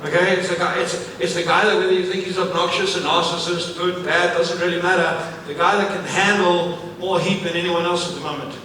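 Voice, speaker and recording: Male motivational speaker, high-pitched, punchy and repetitive, recorded from a distance in a big echoey hall. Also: brisk, hardly any pauses, a little hiss or hum. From Africa. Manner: energetic, repetitive, asks the audience questions. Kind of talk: live keynote speech to an audience. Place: large event venue, on stage. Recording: echoey hall, mic at a distance, faint ambience.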